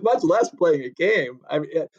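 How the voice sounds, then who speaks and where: A man's voice: on the high side, lively intonation, normal speed, breathy edge, no echo, highs cut off. A man co-hosting a casual chat, rambling with many fillers and frequent laughter. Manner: laughs often, loose filler-heavy talk. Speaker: podcast co-host.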